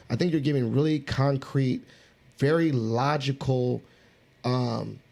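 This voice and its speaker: A man's voice: medium pitch, a little slow, gravelly, a little mellow. A man hosting a podcast, thinking aloud in casual conversation with many restarts. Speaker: podcast host.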